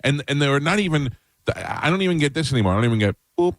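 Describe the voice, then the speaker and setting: A man's voice: sing-song, very fast, no echo. A man hosting a radio talk show, chatting casually in the studio and telling stories with playful impressions. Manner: storytelling, acts out voices in high falsetto. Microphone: studio mic.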